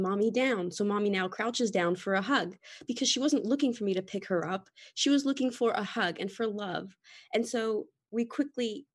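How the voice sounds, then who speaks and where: A young woman, a guest on a group video call, talking in a rambling, heartfelt way with many fillers. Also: medium pitch. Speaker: podcast guest. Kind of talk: casual sharing in a group call.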